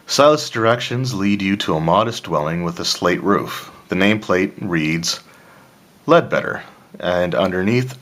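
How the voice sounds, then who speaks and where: A man reading a solo tabletop gamebook aloud and adding casual asides, clearing his throat now and then. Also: low voice, a bit bright. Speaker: player of a solo tabletop adventure.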